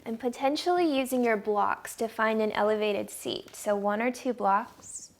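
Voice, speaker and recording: A woman yoga instructor leading a gentle class from her living room in a slow, soothing guiding voice. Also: a little high.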